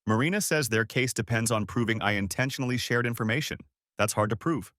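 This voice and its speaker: A man's voice: medium pitch, fairly quick, fairly bright tone, no echo, studio quality, close to an everyday voice. A man voicing a desperate, unfaithful wife who pleads and then turns cold, in a story reading.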